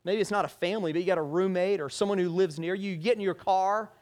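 A man's voice: sits high, fairly even intonation, quick pace, a little mellow. A male pastor delivering a conversational sermon, often asking the congregation rhetorical questions.

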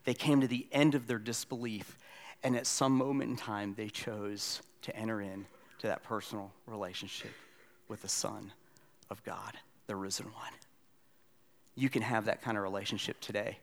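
A man in his forties preaching a sermon as pastor, moving between loud, lively storytelling and quiet, almost whispered appeals. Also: fairly low pitch, normal speed, vocal fry. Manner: swings from loud excited storytelling to hushed, near-whispered pleading.

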